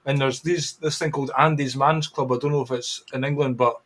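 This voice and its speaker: Calm male interview host. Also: mid-range voice, brisk. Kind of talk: casual interview chat.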